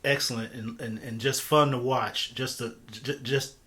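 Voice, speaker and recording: A man's voice: medium pitch, fairly even intonation, normal speed, bright, forceful tone. A man hosting an interview, asking questions casually with stammers and many fillers. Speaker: interview host.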